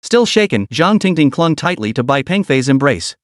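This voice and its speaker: A man narrating a comic story, his pitch fairly high and moving in lively swings. The sound is close and dry, with no echo at all. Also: normal speed. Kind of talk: scripted narration of a comic recap.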